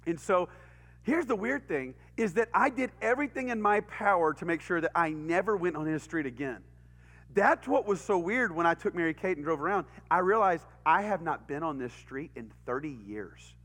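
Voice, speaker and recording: A middle-aged man with a Texan accent, a pastor telling a story in a sermon, animated, acting out voices and sound effects and laughing often. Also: on the high side, normal speed. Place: church hall. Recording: reverberant church hall.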